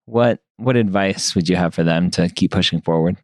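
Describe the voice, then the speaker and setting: A man's voice: low-pitched, normal speed, hardly any pauses, darkish tone, no echo, studio quality. A man hosting a podcast, asking long framed questions with short acknowledgments. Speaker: podcast host. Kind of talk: interview questions.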